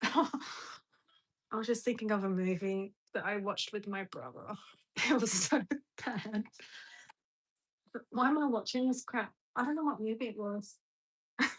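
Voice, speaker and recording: Her voice is mid-range and the audio poor as this young livestream host talks casually to viewers through a phone or webcam, giggly and rambling, repeatedly abandoning sentences to begin again.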